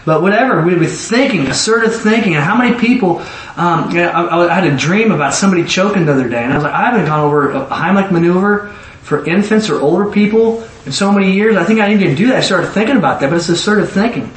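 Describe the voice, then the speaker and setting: Animated preacher man in an echoey room. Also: sits high, fast talker. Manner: animated, acts out quoted voices, rambling asides. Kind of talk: conversational sermon. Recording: echoey room from far off, faint ambience.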